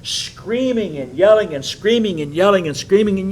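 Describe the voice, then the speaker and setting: An older man, a pastor, teaching a Bible study with animated, chuckling storytelling in a church. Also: sits high, normal speed, few pauses, slight background noise, low-quality recording.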